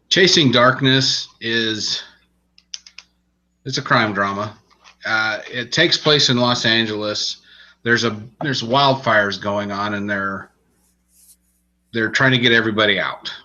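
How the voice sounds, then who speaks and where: A man with a low voice and a sharp, forward tone recaps a crime novel on a podcast in loose, rambling chat. The recording is muffled and lo-fi. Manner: relaxed, rambling storytelling with restarts. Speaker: podcast co-host reviewing books. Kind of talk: casual chat.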